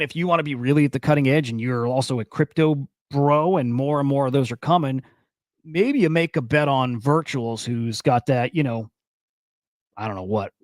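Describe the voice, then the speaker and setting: Recorded dry at studio quality, a young man with a mid-range voice does casual live-stream commentary on crypto and NFT news. He rambles, curses freely, and works himself up as he talks.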